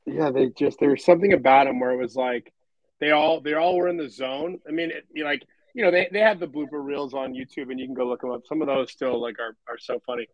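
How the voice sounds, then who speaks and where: A man's voice: a little high, quick pace, dry recording, highs cut off. A man co-hosting a podcast, chatting casually about a comedy film, rambling and often breaking into laughter. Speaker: podcast co-host. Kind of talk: casual movie review chat.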